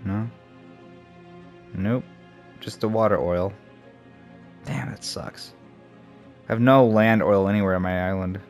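A man's voice: fairly low pitch, fairly even intonation, slow pace, pauses often, a little mellow. A young man giving casual let's play commentary, thinking aloud and swearing as he plays. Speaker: gamer. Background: faint game music.

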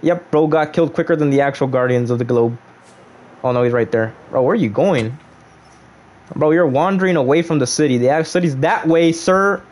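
A young man casually commentating his own game livestream, playful and animated as he jokes with viewers. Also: a little high, a little fast. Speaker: streamer.

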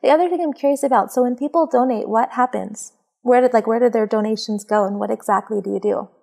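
A woman's voice: on the high side, fast, vocal fry, darkish tone. A woman hosting an interview podcast, asking her guest curious follow-up questions. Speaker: podcast host.

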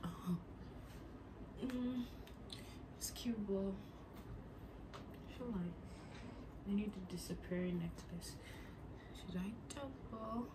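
A woman's voice: mid-range voice, slow pace, pauses often. A woman vlogging in a casual, chatty way, giggling and often half-whispering. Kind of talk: casual vlog chat. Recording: noisy background ambience.

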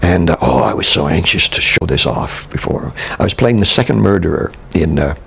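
An older man from Canada, a veteran stage actor, recalling his career in an interview with halting restarts and chuckles. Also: low-pitched, lively intonation, gravelly, a bit bright, slightly rough. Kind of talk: reminiscing interview.

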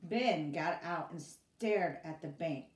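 A woman teacher reads a story aloud to her students, unhurried and expressive, her pitch rising and falling freely. Her fairly low voice sounds roomy and set back from the microphone. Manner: expressive, pausing for students' questions. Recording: roomy, from away from mic.

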